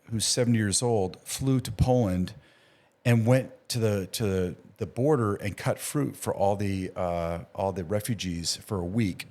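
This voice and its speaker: A man, an emergency physician, telling stories in a casual podcast interview and acting out the dialogue. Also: on the low side. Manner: animated storyteller, acts out quoted dialogue.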